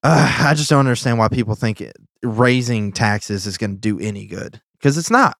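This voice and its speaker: A man's voice: mid-range voice, moderate pace, creaky, no echo. Worked-up man, dry close sound. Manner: frustrated, worked-up, swearing. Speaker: podcast co-host. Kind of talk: heated casual political chat.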